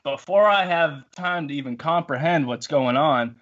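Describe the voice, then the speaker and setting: A man's voice: on the high side, normal speed, fairly bright tone, dull audio. A man, telling a story in a rambling, self-mocking way on a podcast. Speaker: podcast co-host. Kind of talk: casual storytelling.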